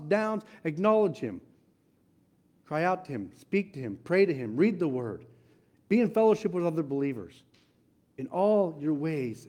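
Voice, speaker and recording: A man delivering an earnest sermon, his voice pitched high but with a mellow, dark tone. He repeats key phrases for emphasis, building louder and then sinking to a near hush. At times he reads scripture aloud, with small fillers and restarts. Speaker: preacher.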